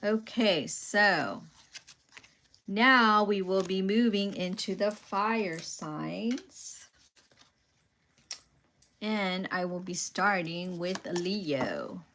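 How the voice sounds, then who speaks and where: A woman giving a tarot reading, musing aloud in a slow, pausing way about what she senses. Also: medium pitch, bright, forceful tone, slight background noise. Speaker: tarot reader.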